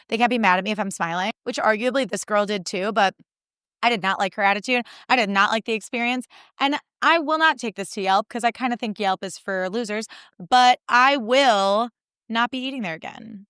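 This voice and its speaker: A young woman hosts her podcast, rattling off stories with a casual, exasperated edge and plenty of "like." Her voice is smooth and clear at a middling pitch. The sound is close and dry. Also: expressive, fast, fairly bright tone, dry recording. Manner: chatty, exasperated, acts out quoted people in funny voices; heavy use of "like" as filler. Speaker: podcast host. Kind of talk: casual storytelling monologue.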